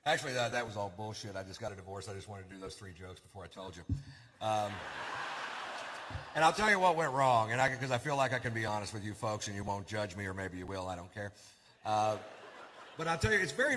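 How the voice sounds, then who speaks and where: A man's voice: mid-range voice, sharp tone, a little hiss or hum. A male stand-up comedian telling stories in a laid-back, drawling way to a live audience. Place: theater stage before a live audience. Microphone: stage microphone. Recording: live hall with long reverb and faint ambience.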